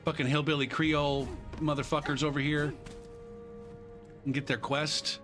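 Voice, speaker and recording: A man streaming a live playthrough, excitable and swearing a lot as he talks to himself over clear game music. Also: a little high, normal speed. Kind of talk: live gameplay commentary.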